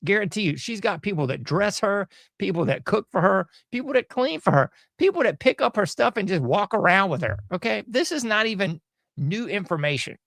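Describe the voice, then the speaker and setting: Guy ranting on his podcast, gravelly, kinda high voice, dry sound. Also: big pitch swings, brisk, a bit bright, no room sound. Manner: sarcastic, rambling, mocking asides. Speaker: podcast host. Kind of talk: opinionated commentary monologue.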